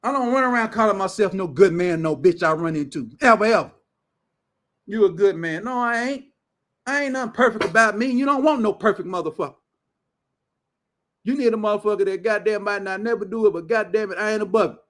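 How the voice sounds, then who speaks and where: A man hosting his own show, ranting casually in a loud, blunt, profane way with heavy slang. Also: high voice, fast. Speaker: show host.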